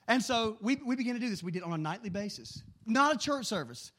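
Fast, high-voiced earnest preacher. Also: male voice. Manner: earnest, animated, repeats words as he talks. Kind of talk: storytelling sermon.

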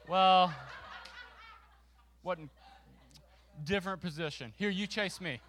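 A man preaching to a congregation, telling a funny story with a volunteer on stage, lively and self-mocking. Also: high-pitched. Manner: lively and self-mocking, with quick restarts and laughter.

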